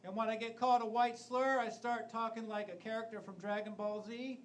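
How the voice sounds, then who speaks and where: High-voiced man doing stand-up. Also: little pitch movement, brisk. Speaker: stand-up comedian. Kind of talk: stand-up comedy set. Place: comedy club stage. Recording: noisy live club recording.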